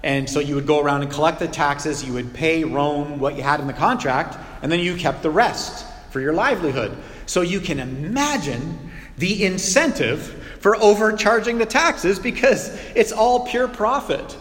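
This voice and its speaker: Animated preacher in an echoey hall. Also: male voice, on the high side, normal speed. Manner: animated, conversational preaching with acted outbursts. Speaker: pastor. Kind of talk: sermon. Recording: echoey hall with long reverb.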